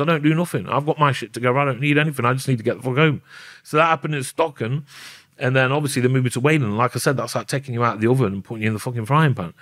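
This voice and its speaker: A man's voice: medium pitch, fairly bright tone, no room sound, clean studio sound. A middle-aged man with a Nottingham accent, a podcast guest telling his story bluntly in a casual interview, with plenty of swearing. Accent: Nottingham English. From Nottingham, England.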